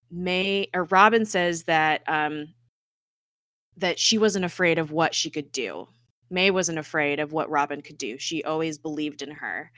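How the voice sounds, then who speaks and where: A woman with a low pitch and a bright, forceful tone tells an episode's story in casual podcast chat. She acts out the characters' lines and laughs often. The sound is close and dry. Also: no room sound. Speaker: podcast co-host recapping a TV episode.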